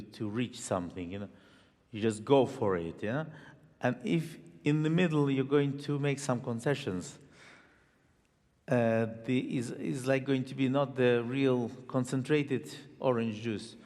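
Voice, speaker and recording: A man's voice: mid-range voice, darkish tone. A man teaching a violin master class in a conservatory hall, explaining earnestly and singing phrases in syllables. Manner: sings phrases in syllables between instructions; earnest, imagery-rich explaining.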